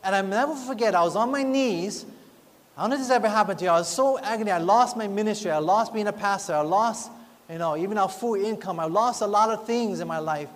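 This pastor's voice sits high and moves fast as he shares his personal story during a sermon, earnest and heartfelt, building into pleading. Faint music plays under a long reverb.

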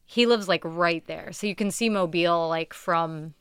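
A young woman hosting a casual interview, chatty and quick to laugh, with lots of fillers. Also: fairly low pitch, fairly bright tone, clear, resonant tone, no echo.

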